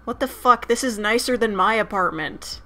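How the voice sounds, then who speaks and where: A woman's voice: fairly high pitch, expressive, moderate pace, pushed and bright. A woman streaming a dating sim, chatting casually, swearing freely and reading the game text aloud between her asides. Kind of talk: casual gameplay commentary.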